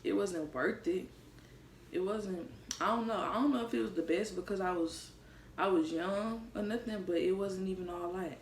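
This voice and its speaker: A woman's voice: medium pitch, normal speed, a little hiss or hum. A young woman vlogging, telling a personal story in a candid, profane, conversational way. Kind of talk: casual storytime vlog. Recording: roomy, mic set far off.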